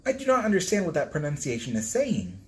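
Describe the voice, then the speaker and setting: Animated, flustered man streaming live. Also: a little high, fast talker. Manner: flustered, stumbling over pronunciations, laughing at himself. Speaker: livestream host reading a book. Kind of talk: casual live-stream chat.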